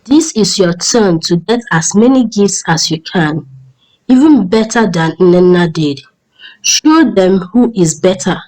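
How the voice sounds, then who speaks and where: A woman voicing a jealous, scheming mother who yells and barks orders in a storybook tale. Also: medium pitch, animated, a little slow, lightly acted, low-quality recording. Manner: yelling, barking orders.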